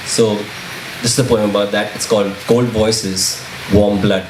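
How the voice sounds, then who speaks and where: A man's voice: on the low side, fairly even intonation, brisk, background noise. A man performing spoken word poetry in a rhythmic, intense delivery, stressing words hard. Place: live poetry event. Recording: echoey room with faint ambience.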